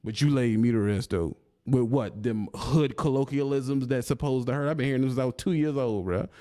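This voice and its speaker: A man delivers a heated rant aimed at a rival creator, his voice sitting in an ordinary middle pitch. He taunts and needles throughout, breaking into mocking laughter as he tears the other man down. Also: a little fast, warm tone. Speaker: YouTuber.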